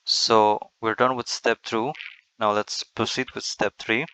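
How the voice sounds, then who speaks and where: A man's voice: on the low side, flat delivery, measured pace, sharp tone, smooth, no echo, low-quality recording. A man teaching in a screen-recorded lecture, explaining step by step and often restarting his words, recorded close to a desk mic.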